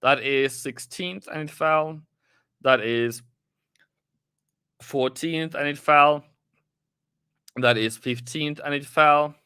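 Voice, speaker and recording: This trading livestream host speaks slowly in a fairly high, bright, forceful voice, leaving long pauses as he rambles casually through the markets with restarts and asides to his audience. He's slightly breathless, captured in clean, echo-free studio quality.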